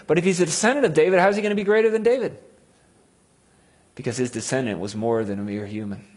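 A man delivers a sermon in a husky, slightly breathy voice of middling pitch. He reads scripture dramatically, climbing to loud, urgent cries and then sinking to hushed, intimate tones. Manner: dramatic, rises to loud cries when quoting psalms, drops to hushed tones. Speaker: preacher.

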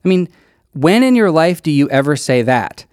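A man preaching a sermon in an easy, conversational way. His pitch sits a bit high for a man and swings widely as he leans into his points. The sound is dry and close, with no room around it. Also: big pitch swings, normal speed, a little mellow, clear, resonant tone, dry recording. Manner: conversational, earnest, emphatic. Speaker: pastor.

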